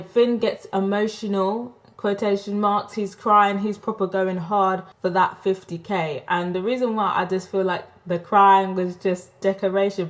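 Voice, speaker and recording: A woman giving casual, opinionated commentary as a vlogger reviewing a TV show, frank and sarcastic in a gossipy way, recorded on a desktop microphone. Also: mid-range voice. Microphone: desktop USB microphone.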